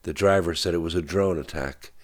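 A man voicing a kind male nurse who speaks in a gentle, soothing way. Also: deep voice, a little fast, natural voice.

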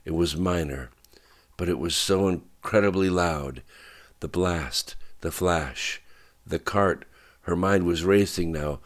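Man, very low voice, measured audiobook narration.

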